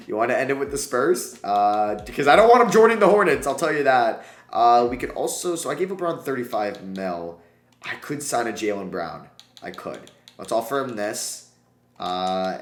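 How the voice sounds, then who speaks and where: A man giving casual commentary over a basketball sim playthrough, swinging between groaning pleas and excited shouts. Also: medium pitch. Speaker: gaming YouTuber. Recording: roomy echo.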